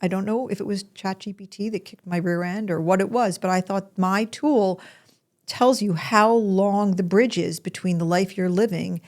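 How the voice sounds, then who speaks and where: A woman hosts a podcast, sharing a personal story in a chatty, meandering way full of asides and restarts. Her voice sits at medium pitch with a darkish tone, fairly even intonation, and normal speed.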